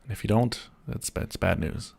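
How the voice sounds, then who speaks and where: A man from Germany with a slight American accent hosts a relaxed livestream chat from home, and his voice carries a very heavy gravelly rasp. It sits fairly low. He talks easily, reads out viewer comments and answers them one by one. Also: moderate pace. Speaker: livestream host.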